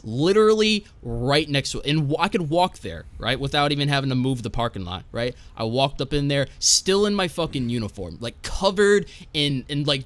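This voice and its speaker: A man's voice: mid-range voice, fairly bright tone, no echo. Young man swearing through a rambling story. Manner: profane, rambling, tags lines with "right?". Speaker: podcast guest. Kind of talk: casual storytelling on a podcast.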